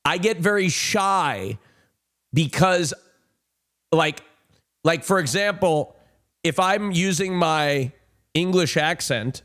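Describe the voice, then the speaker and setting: A man's voice: high voice, expressive, slow pace, fairly bright tone. A man streaming casually to his chat, rambling and camp, with crude jokes. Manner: rambling, camp and crude, swinging from chirpy to mutter.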